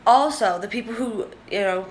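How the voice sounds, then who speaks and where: A woman's voice: on the high side, normal speed, a little hiss or hum. A young woman in a casual vlog, chatting candidly and rambling to the camera. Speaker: vlogger.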